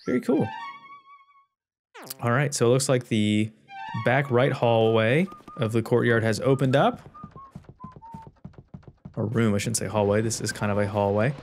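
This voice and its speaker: A man's voice: medium pitch, fairly even intonation, moderate pace, long pauses. A man who hosts a gaming channel, giving joking, sarcastic let's play commentary. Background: game music.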